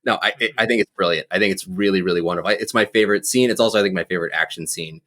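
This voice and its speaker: A man co-hosting a casual movie podcast, animated and laughing often as he acts out scenes. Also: low voice, racing. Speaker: podcast co-host.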